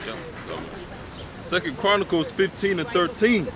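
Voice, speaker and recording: A man reading scripture aloud outdoors in a measured, deliberate way, with some halting remarks of his own. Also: high-pitched, very animated, a crowd in the background. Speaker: scripture reader.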